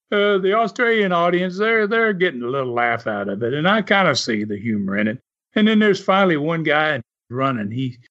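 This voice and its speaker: A man's voice: fairly high pitch, a bit bright. An older man from the American South with a Southern drawl, telling stories casually with chuckles and many "uh" fillers. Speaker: former wrestler telling stories. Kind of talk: casual storytelling. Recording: dull lo-fi audio.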